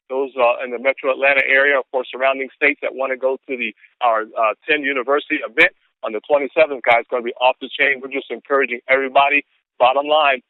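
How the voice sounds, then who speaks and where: A man on a conference call, hyping an upcoming event in an excitable, whooping sales manner. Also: medium pitch, dry recording. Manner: excitable, whooping, preacher-like hype. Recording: phone line.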